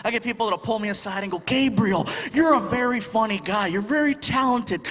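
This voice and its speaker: A man from the United States performing a stand-up comedy set on stage, animated and laughing at his own jokes as he acts out voices. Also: high-pitched, brisk, few pauses. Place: theater stage with live audience. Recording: live show with crowd laughter and noise.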